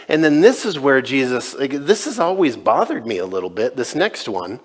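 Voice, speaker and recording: A man's voice: mid-range voice, big pitch swings, moderate pace, slightly rough. A male pastor preaching a sermon in a conversational way, retelling scenes and voicing quoted dialogue. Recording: long reverb in a large church.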